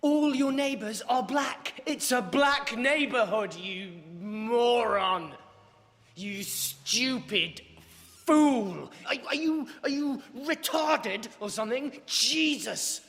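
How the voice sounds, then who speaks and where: A stressed young doctor losing his temper, slow-paced, ringing room sound. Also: extremely high pitch, a bit bright, heavily acted. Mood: ranting. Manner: exasperated, swings from pleading to ranting. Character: anxious young male junior doctor under pressure. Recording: roomy reverb.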